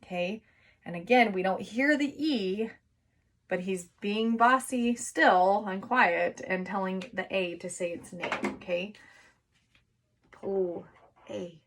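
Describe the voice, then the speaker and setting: A woman teaching young children to write, encouraging them and sounding out words slowly syllable by syllable. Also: medium pitch, slight background noise. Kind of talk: remote phonics and writing lesson for young children.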